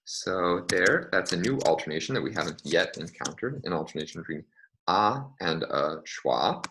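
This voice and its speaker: Male lecturer, very low voice, lively intonation, hesitant fillers while reasoning. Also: moderate pace, a little hiss or hum, low-quality recording. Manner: thinks aloud with frequent uh and um. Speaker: linguistics lecturer. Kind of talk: recorded lecture.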